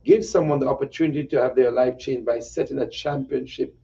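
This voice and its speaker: A male host and preacher with a gravelly, mellow voice, affirming his guest and repeating the guest's lines back to him. He sits back from the mic, and the sound is dull and muffled. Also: mid-range voice, steady tone, a little fast, distant mic. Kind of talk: casual interview chat.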